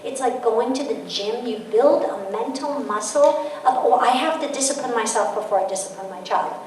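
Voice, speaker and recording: A woman author giving a parenting talk to an audience, lively and acting out quoted voices. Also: fairly high pitch, a little fast, a little hiss or hum. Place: school event room with audience. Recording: echoey room, mic from a distance.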